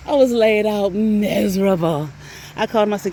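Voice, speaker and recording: A middle-aged woman chatting casually, animated and laughing often, with frequent swearing, while out on a walk. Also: medium pitch, a little slow, long pauses, noisy background. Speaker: vlogger. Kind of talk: casual storytelling chat. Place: outdoors on a walk.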